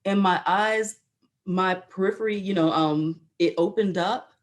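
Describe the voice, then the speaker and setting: Here the retired Army colonel, a middle-aged American woman, speaks at medium pitch and a measured pace. As a talk show guest she tells stories and imitates the voices she quotes.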